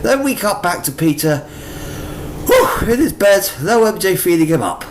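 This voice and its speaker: A young man casually reviewing a comic book, animated and incredulous, with frequent exclamations. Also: high voice, normal speed, slight background noise, low-quality recording.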